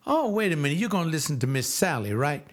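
A man's voice: fairly high pitch, very animated, fast. A man in his seventies preaching a sermon, emphatic and repetitive, often acting out voices. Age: 70s.

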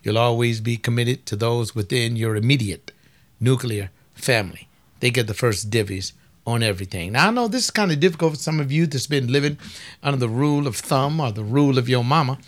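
A man talks in a loose preaching style, folksy and teasing. He keeps prodding his listeners with rhetorical questions at a middling pitch. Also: a little fast. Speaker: speaker on family life.

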